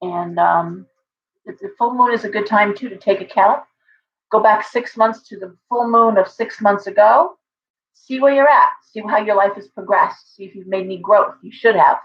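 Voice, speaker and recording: A woman's voice: medium pitch, normal speed, dull audio, a little hiss or hum. A woman hosting a casual livestream from home, chatting in a rambling way with viewers and her pet bird. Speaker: livestream host and tarot reader.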